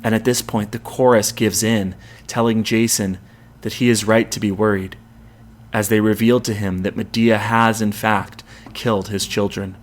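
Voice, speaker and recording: A man's voice: lowish voice, flat delivery, normal speed. A man hosting a podcast, retelling a Greek tragedy in a dramatic storytelling manner. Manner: dramatic storytelling with quoted lines. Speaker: podcast host.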